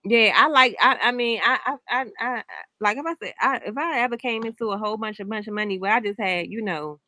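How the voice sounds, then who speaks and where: A woman's voice: a little high, quick pace, pushed and bright, dry recording. A woman hosting a casual reaction chat, telling stories in a rambling way with many restarts. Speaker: host.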